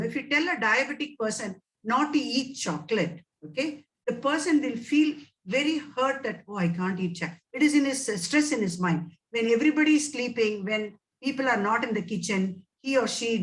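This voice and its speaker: A woman's voice: fairly high pitch, a bit bright, recorded from a distance, poor audio. A woman with an Indian English accent answering webinar questions as a nutrition scientist, emphatic and advising, repeating words for stress.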